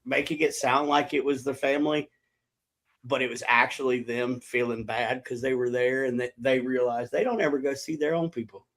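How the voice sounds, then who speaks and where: A man's voice: mid-range voice, steady tone, normal speed, fairly bright tone. Man co-host, hesitant and searching for words. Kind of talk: casual chat.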